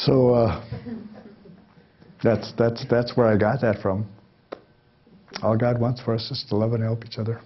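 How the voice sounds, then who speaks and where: A man's voice: mid-range voice, extremely slow, long pauses, lo-fi sound, a crowd in the background. A man in his sixties telling folksy personal stories to a live audience, acting out the voices of the people in them. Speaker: guest speaker. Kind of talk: storytelling talk to a live audience.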